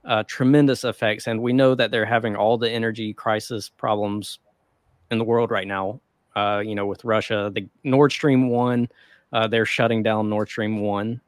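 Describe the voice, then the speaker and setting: A man's voice: lowish voice, dry recording. Man, podcast host, casual rambling chat, loose and easygoing, dry close sound. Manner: laid-back, rambling with frequent fillers and laughs.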